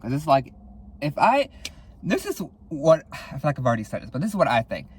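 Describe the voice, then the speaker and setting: A young man hosting a solo podcast, speaking candidly and casually, swearing a lot, sighing often and jumping up in pitch for dramatic effect. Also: huge pitch swings, a little fast, breathy edge. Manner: candid and profane, with frequent sighs; dramatic, with sudden jumps in pitch. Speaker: podcast host.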